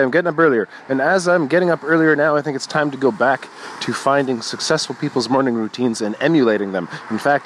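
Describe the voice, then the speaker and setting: Lively, rambling young man hosting a podcast. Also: mid-range voice, a little hiss or hum. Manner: rambling, swears freely, wry. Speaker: podcast host. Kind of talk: casual morning monologue.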